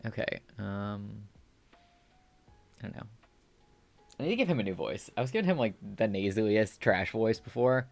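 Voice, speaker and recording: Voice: mid-range voice, animated, moderate pace, vocal fry, long pauses, dry recording, soft background music. 抑揚豊かにしゃべる配信者。気さくで、言い直しが多く、自分に笑いながらとりとめなく話す。デスクマイクで近く乾いた音。. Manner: rambling, self-deprecating, giggly. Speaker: streamer. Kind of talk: casual stream chat.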